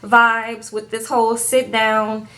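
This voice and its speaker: A woman's voice: fairly high pitch, slow. A woman giving a casual reality TV recap in a chatty, sassy way, often tagging her lines with "okay?". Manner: acts out quotes in lively voices.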